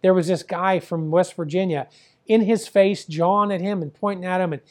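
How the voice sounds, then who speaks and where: A man's voice: sits high, steady tone, moderate pace. An older man from the Pittsburgh area, a former wrestling promoter, telling a long family story in an interview and constantly repeating "I says" and "he goes".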